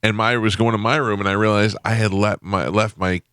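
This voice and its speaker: A man's voice: a little fast, smooth, dry recording. A man hosting a morning radio show, telling a funny travel story in casual chat from the studio. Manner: lively, jumps into high-pitched imitations. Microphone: studio microphone.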